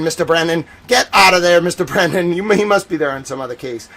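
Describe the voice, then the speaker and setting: A man hosting a livestream commentary, talking in an excitable, rambling way and often repeating himself. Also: a little high, fast talker. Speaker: host.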